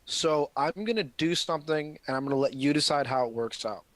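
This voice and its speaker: A man's voice: fairly high pitch, normal speed, a bit bright, dry recording. A man playing a tabletop game, politely checking his moves with the table. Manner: polite, asks the table for leeway. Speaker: player. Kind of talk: casual tabletop game chat.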